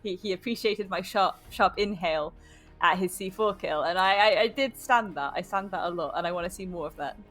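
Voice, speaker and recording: A woman's voice: on the low side, a bit bright, faint music behind. A woman with a British accent, commentating a live esports tournament in a chatty, giggly way. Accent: British English. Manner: giggly, chatty, quick to laugh. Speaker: esports caster.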